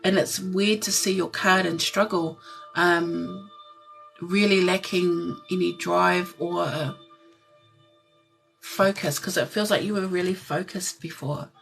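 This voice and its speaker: Gentle woman giving a tarot reading, gravelly. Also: fairly low pitch, steady tone, slow, soft background music. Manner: emotional, tearful at times. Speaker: tarot reader.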